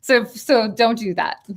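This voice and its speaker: A woman giving a lively workshop talk over a video call, coaching and laughing often. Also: medium pitch. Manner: talks of thousands of hours on video calls. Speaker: speaker on persuasion.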